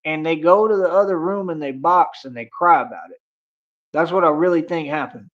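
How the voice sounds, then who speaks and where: A man's voice: fairly high pitch, fairly quick, dull audio. A man hosting a livestream, talking casually and boasting while he challenges his chat. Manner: boastful, confrontational, talks to chat. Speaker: livestream host.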